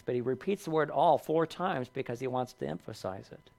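A man preaching a sermon, earnest, lifting his voice for emphasis and dropping low on key lines. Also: expressive, fast talker, a little mellow. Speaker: pastor.

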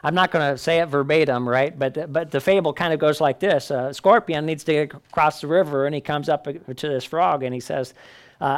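A man's voice: a little high, normal speed. A man teaching a Bible class in a conversational way, often checking in with the listeners.

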